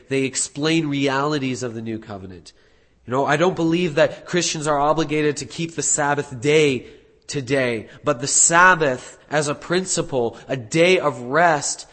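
A man preaching a sermon as pastor, earnest, building to emphatic peaks and dropping low again. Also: fairly bright tone. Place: church sanctuary. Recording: husky voice in long hall reverb.

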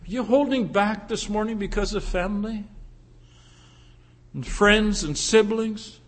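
A male pastor preaching a sermon with passion, swinging from loud declarations to hushed, intimate lines. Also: high-pitched, a little slow.

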